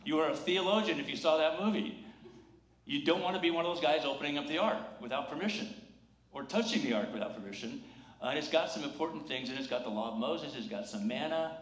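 A man's voice: on the high side, lively intonation, fast talker. A male pastor preaching a sermon in a conversational, humorous way, acting out the voices he quotes, recorded in a church. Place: church sanctuary. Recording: roomy church sound.

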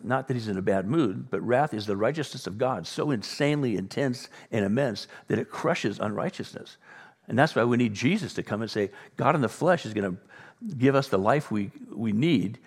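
A man preaching a sermon as pastor, animated, playing out the voices of the people he talks about. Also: fairly low pitch, gravelly, slightly rough. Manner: animated, acts out voices of others. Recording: long reverb in a large room.

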